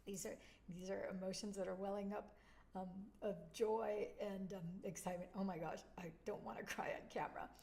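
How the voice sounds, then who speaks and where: A spiritual video host speaks casually and from the heart to the camera, moving between tender encouragement and blunt, salty remarks. Her mid-range voice turns animated as she leans into the points she cares about most, emotional and chatty throughout.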